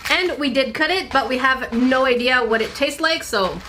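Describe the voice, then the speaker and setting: Bright, high-voiced giggly woman host. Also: moderate pace, a little hiss or hum. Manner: giggly, teasing banter. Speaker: cooking channel host. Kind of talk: playful cooking vlog.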